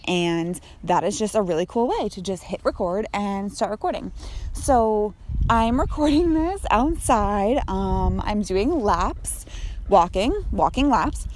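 A woman's voice: mid-range voice, a little hiss or hum. A young woman from Connecticut hosting her podcast, a little out of breath as she records on her phone while walking laps outdoors. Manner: chatty and upbeat, speaks to listeners directly. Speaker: podcast host. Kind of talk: casual podcast talk.

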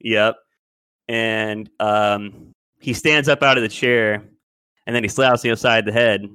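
Twenties dude telling a long rambling story, low voice, dead dry mic. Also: male voice, fairly even intonation, unhurried, sharp tone, clean tone, no room sound. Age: 20s. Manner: rambling storyteller, loose and conversational. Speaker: podcast co-host. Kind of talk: casual chat.

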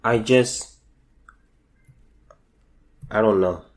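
A man hosting a solo podcast, talking in a halting, emotional way, repeating words as he holds back tears. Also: on the low side. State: close to tears. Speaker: podcast host.

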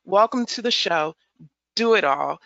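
An enthusiastic woman hosts a podcast interview, with a gravelly, bright voice that has some fry in it. The sound is dry and a little dull, as if from a lo-fi mic. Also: medium pitch, animated, unhurried, no echo. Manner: enthusiastic, upbeat introductions. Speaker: podcast host.

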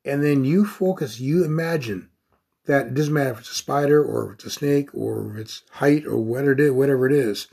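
A man speaks in an earnest, repetitive motivational style, stacking affirmations and stressing key words. His voice is husky and slightly raspy, and his pitch sits in a middle range. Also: a little fast, darkish tone. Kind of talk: motivational talk.

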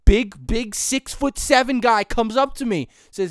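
A young man hosting a casual comedic rant, excitable and quick to get fired up. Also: very high voice, no room sound, clean studio sound. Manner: excitable, builds to shouting when fired up. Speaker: host.

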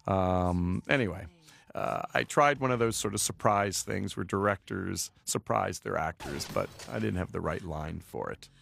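A film director giving a loose, rambling commentary track with lots of filler words. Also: male voice, deep voice, normal speed, gravelly, a bit bright.

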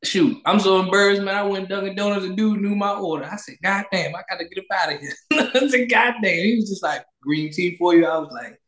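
Male host, casual chat, high voice, repeats catchphrases, echoey room. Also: fast, fairly bright tone. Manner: loose, preachy, repeats catchphrases. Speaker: podcast host.

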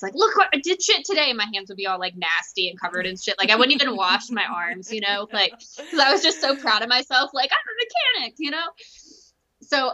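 A woman talking casually about her army work, relaxed and swearing freely. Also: medium pitch, dull audio. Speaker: army veteran guest. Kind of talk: casual chat.

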